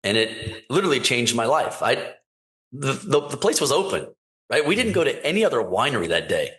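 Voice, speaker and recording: A man's voice: medium pitch, fairly quick. A man guest on a podcast, a wine importer and company founder, telling anecdotes in casual chat and acting out what people said. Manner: animated anecdote-telling, acting out quoted dialogue. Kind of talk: casual storytelling interview.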